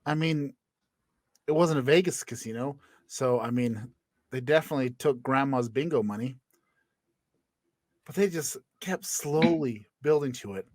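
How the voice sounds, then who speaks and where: A young man co-hosts a casual comedy show, laughing often as he makes up a goofy tale. His voice sits at an everyday middle pitch. The sound is close and dry, with no room around it. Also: measured pace, long pauses, darkish tone, dry recording. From Florida. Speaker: podcast co-host.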